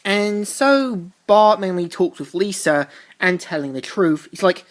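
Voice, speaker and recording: A woman's voice: lowish voice, lively intonation, a little slow. A woman reviewing a comic, retelling the story in a chatty, rambling way. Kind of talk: casual comic recap.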